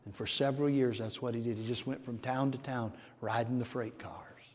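An older man preaching a sermon, swinging from shouted declarations to hushed storytelling. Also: mid-range voice, fairly even intonation, a little fast. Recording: long reverb of a large hall.

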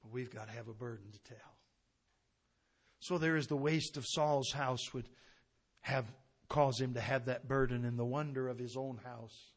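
A man preaching a sermon, impassioned, swinging from shouted declarations down to quiet, low storytelling. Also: steady tone, moderate pace. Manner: impassioned, rising to shouts then dropping low.

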